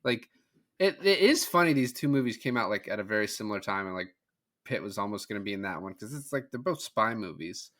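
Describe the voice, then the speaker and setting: Bright-voiced man in animated movie chat. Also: lowish voice. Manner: animated, acts out movie scenes in quick quoted bits. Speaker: podcast guest.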